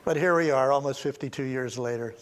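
A man's voice: mid-range voice, a little fast, a little hiss or hum. A man in his seventies, a pastor, preaching a Mother's Day sermon in a folksy, conversational storytelling way. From United States. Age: 70s.

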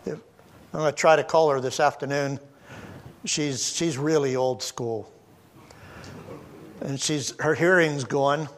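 An older American man in his seventies preaches from the pulpit. His delivery is folksy and conversational, full of warm family anecdotes and light chuckles. His voice sits slightly higher than most men's. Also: steady tone, unhurried, pauses often, a little hiss or hum. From United States. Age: 70s. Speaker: pastor. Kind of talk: sermon.

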